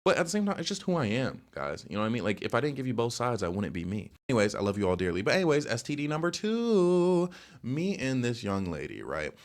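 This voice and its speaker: A man's voice: medium pitch, fast talker. A young man hosting a podcast, telling his own dating stories in a rambling, casual way with lots of fillers. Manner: rambling, animated, many fillers. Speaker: podcast host. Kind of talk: casual storytelling.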